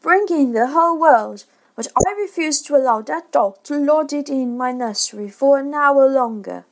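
A woman voicing a blustering, self-pitying middle-aged father in a storybook reading, talking loudly and shouting. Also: high voice, expressive, moderate pace, pitched above the performer's own voice.

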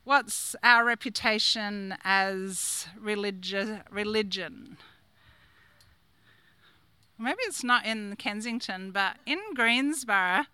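Bright, crisp woman preaching. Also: fairly high pitch, no echo. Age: 50s. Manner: chatty, asks the congregation questions, laughs often. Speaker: guest preacher. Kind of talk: conversational sermon.

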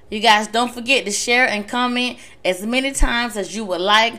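A woman's voice: on the high side, fairly even intonation, normal speed, hardly any pauses, pushed and bright. A woman hosting a podcast, giving emphatic advice in a casual monologue, repeating words for stress. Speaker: podcast host.

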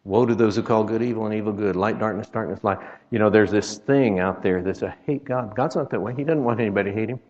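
Male traveling preacher, folksy and joking, deep-ish voice, muffled recording. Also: fast talker, hardly any pauses, darkish tone. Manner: folksy, joking asides, quotes scripture. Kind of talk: sermon. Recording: reverberant, dull lo-fi sound.

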